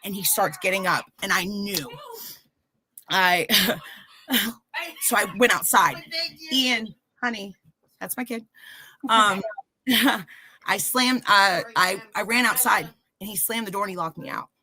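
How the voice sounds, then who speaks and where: A woman in her thirties, a podcast guest telling a candid personal story, animated and acting out the voices of people she quotes. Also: mid-range voice, takes it slowly, long pauses, poor audio.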